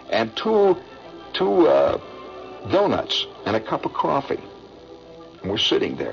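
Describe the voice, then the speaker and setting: A man's voice: mid-range voice, vocal fry, muffled recording. An older man from Indiana telling a personal story in a rambling, hesitant way, with many restarts. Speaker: veteran recounting a memory.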